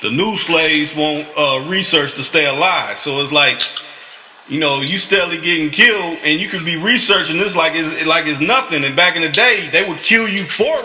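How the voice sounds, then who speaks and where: A man's voice: fairly high pitch, moderate pace, sharp tone. Reflective man in an echoey room. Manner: brief affirmations, reflective. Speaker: podcast co-host. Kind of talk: casual conversation.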